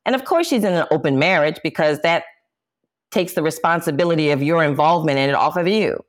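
A woman's voice: sits low, fast. A woman, a jazz singer, speaking as an interview guest and candidly recounting personal events with emphatic, impassioned delivery.

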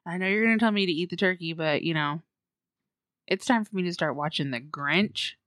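Woman podcast co-host, lowish voice, dry sound; chatty, giggly, filler-heavy storyteller. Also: brisk, fairly bright tone, no room sound. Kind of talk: casual podcast chat and storytelling.

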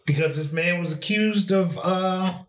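A man's voice: sits high, measured pace. A man making provocative points and arguing them through in a casual podcast chat. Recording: echoey room.

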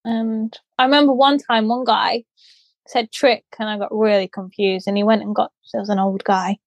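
A young woman co-hosts a casual chat show podcast, rambling through stories with chatty asides and frequent laughter. Her mid-range voice is level in tone, at normal speed, with no echo.

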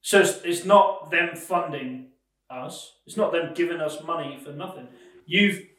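High-voiced podcast co-host, incredulous and scolding, heard a bit off mic in a roomy space. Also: male voice, unhurried, fairly bright tone, far from the mic. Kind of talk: comedic podcast banter.

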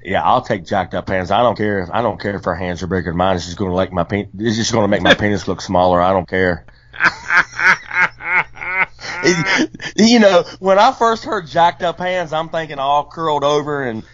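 A man's voice: lowish voice, animated, normal speed, a crowd in the background. A man co-hosting a podcast in casual banter, laid-back and laughing easily. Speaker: podcast co-host. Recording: dull lo-fi podcast audio.

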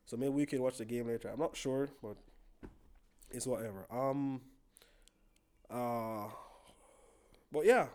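A young Jamaican man talking on a podcast in a relaxed, rambling way. His pitch sits in the middle, and he often stumbles over and repeats words as he gathers his thoughts. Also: unhurried, pauses often. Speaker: podcast guest. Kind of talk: casual chat.

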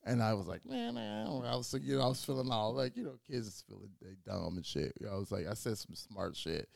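A man co-hosting a podcast, telling animated, profane stories in casual chat. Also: lowish voice, fast talker, gravelly, no echo, clean studio sound. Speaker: podcast co-host.

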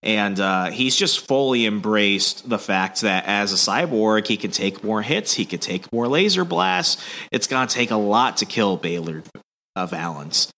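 A man with a lowish but bright, forceful voice talks through a comic story in a loose podcast chat. He is casual, full of fillers, and swears freely. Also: lively intonation, a little slow. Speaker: podcast host.

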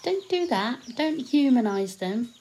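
A woman acting a blunt, teasing survivor of a zombie apocalypse in an audio drama, quick with sweary put-downs. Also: fairly high pitch, very animated, a little mellow, a little hiss or hum.

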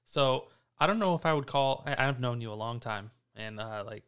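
Smooth-voiced man hosting a casual podcast. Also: mid-range voice, normal speed, fairly bright tone. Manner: snarky, profane, rambling with restarts. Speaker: podcast host.

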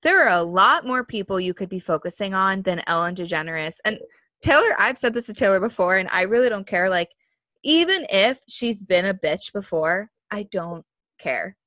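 A woman's voice: mid-range voice, lively intonation, normal speed, bright, forceful tone, no room sound. A young woman in her twenties co-hosting a casual podcast, chatty and opinionated, full of "like" fillers. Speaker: podcast co-host. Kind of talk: casual chat.

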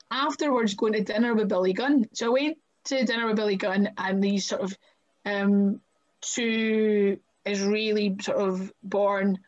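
A woman's voice: medium pitch, muffled recording. A young woman, a guest wrestler telling stories on a podcast, chatty and full of "like" fillers. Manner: chatty, many "like" fillers, laughs often. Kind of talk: casual podcast storytelling.

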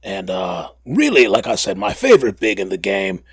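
A man's voice: deep voice, wildly swooping pitch, moderate pace, vocal fry, breathy edge, no echo. A man hosting a casual podcast, rambling and joking with lots of fillers and self-corrections. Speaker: podcast host.

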